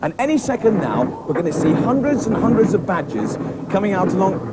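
Excitable man hosting a kids' show. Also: high-pitched, brisk, very noisy. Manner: excitable, chatty, talks to puppets. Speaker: host of a children's puppet show. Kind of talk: children's TV presenting.

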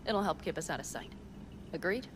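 An actress voicing a tough, guarded young nomad woman in a video game, speaking in a low, dry, matter-of-fact way. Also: animated, fairly quick, lightly acted. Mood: firm. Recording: game audio under noise.

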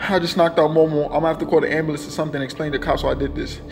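A young man doing a comedy skit for his channel, loud and dramatic, swinging between pleading and yelling. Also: fairly high pitch, fairly even intonation, very fast, vocal fry. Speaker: comedy vlogger.

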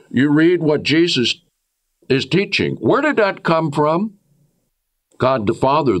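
A male preacher delivers a measured sermon from a studio. He reads scripture, then presses his listeners with rhetorical questions. His voice climbs and falls dramatically for emphasis, and he takes his time with every phrase. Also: medium pitch.

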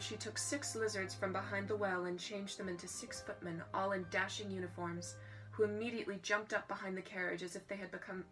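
A woman reads a storybook aloud in a relaxed, casual way, at a medium pitch. Faint music plays behind her as she drops quick, joking asides between passages. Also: rough recording.

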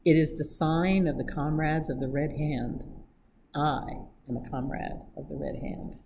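A woman voicing a menacing foreign man from a secret society, with a guttural, slow, threatening delivery, over a noisy recording. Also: deep voice.

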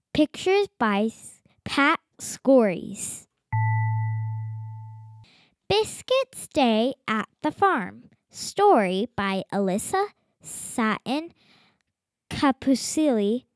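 Woman, storybook reader; high voice, very slow unhurried delivery, dry close mic. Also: no echo. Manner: gentle, sing-song read-aloud voice. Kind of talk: reading a children's picture book aloud.

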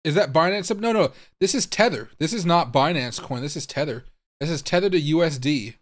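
A man's voice: on the high side, animated, a little fast. Baffled man thinking aloud on a stream. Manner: baffled, thinking aloud, swearing, talking to viewers. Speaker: crypto livestream host. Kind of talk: live-streamed casual commentary.

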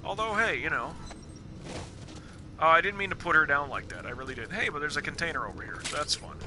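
A man's voice: a little high, animated, fast talker, noisy background. Joking, cursing gamer man streaming. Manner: profane, joking, thinking aloud. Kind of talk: casual let's play commentary. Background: game music.

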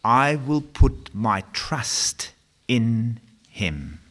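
A man preaching a sermon, asking rhetorical questions and reading scripture in a slow, dramatic way. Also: medium pitch, expressive, a bit bright. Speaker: pastor.

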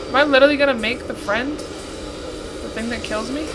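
A woman's voice: high voice, normal speed, pauses often. A young woman streaming a horror game, chatting with her viewers and reading their messages aloud. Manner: chatty, reads chat aloud, shrieks and swears when scared. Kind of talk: live-streamed gameplay commentary. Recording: noticeable background noise.

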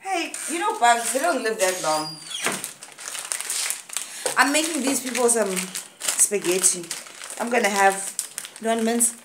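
A woman's voice: a little high, lively intonation, unhurried, long pauses, background noise. A woman talking casually to her viewers in her home kitchen, chatty and playfully mock-solemn as she speaks to her family. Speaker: vlogger, mother. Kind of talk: casual family vlog chat.

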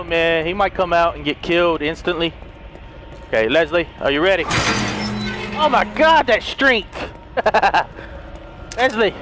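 A man giving frantic gaming commentary, swearing and yelling in panic, repeating himself as he plays. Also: on the high side, slight background noise. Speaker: video game let's player. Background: game music.

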